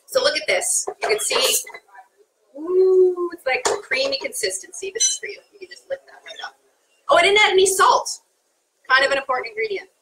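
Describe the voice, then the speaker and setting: Bubbly woman chef, high and lively voice, chatty live cooking host. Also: background noise. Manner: chatty and bubbly, laughs often. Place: kitchen.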